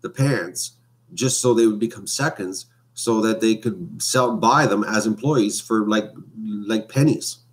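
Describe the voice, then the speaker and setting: A man chats on a home live stream over a webcam mic. His voice sits somewhat low, and he rambles, trailing off into fillers as he talks. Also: a little slow. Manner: rambling, hesitant with many fillers. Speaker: vlogger. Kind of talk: casual live stream chat.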